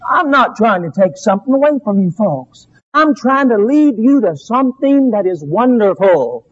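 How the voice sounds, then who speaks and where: A male preacher delivers a fervent, emphatic sermon full of dramatic pauses, his high, lively, slightly rough voice leaping up and dropping low to drive home each point. The recording is dull and lo-fi.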